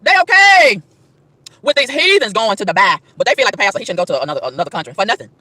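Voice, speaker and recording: A woman's voice: mid-range voice, sing-song, very fast, sharp tone, husky, no room sound. A woman outdoors in a park, delivering an emphatic, preachy rant to camera, firing rhetorical questions and tripping over repeated words. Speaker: vlogger.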